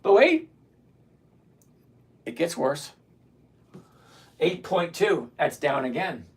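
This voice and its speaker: A man's voice: on the high side, takes it slowly, creaky, slightly rough. A man in his sixties hosting a casual live stream, blunt and ranting, greeting viewers by name. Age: 60s. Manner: blunt, ranting, self-mocking.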